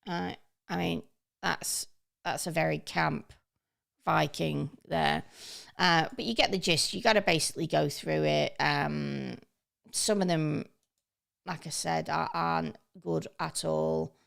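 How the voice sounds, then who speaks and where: A woman's voice: deep voice, fairly even intonation, takes it slowly, vocal fry, a bit bright. A woman giving a casual, chatty tutorial, upbeat and full of ums and uhs. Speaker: online training presenter. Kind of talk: casual screen-share tutorial.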